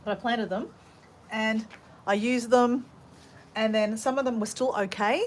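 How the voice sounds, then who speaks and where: A woman's voice: on the high side, fairly even intonation, a little slow, a little hiss or hum. Chatty Australian woman vlogging from the garden. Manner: chatty, rambling storyteller, greets viewers mid-sentence. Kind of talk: casual chat to live viewers while gardening. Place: home garden.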